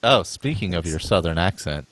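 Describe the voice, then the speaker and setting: A man's voice: sits low, animated, moderate pace, heavy background noise. A man co-hosting a podcast, bantering with the others in a joking, playful way. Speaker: podcast co-host. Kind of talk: casual banter.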